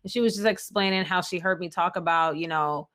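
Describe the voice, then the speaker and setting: A young woman co-hosting a casual podcast, with a bright, forceful tone. She talks openly and emotionally, laughing often and owning up to how easily she tears up. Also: on the low side, fairly quick. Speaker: podcast co-host. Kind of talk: casual chat.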